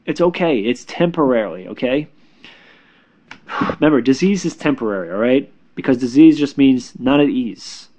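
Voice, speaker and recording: An animated spiritual healer with a medium-pitched, dark-toned voice gives casual spiritual counsel. He's reassuring, though he speaks haltingly, with fillers and repeated words.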